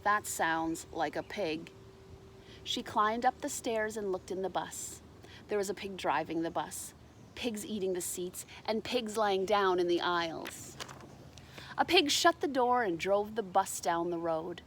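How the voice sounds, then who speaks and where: A woman reading a children's picture book aloud with lively, animated delivery. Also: mid-range voice, a little slow, slight background noise. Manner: animated, shouts character lines, explains to children. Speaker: storybook reader. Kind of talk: children's storybook read-aloud.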